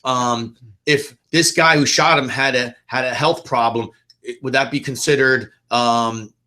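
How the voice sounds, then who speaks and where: A man's voice: medium pitch, steady tone, measured pace, pushed and bright. A man co-hosting a political podcast, ranting bluntly and swearing often in casual talk. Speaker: podcast co-host.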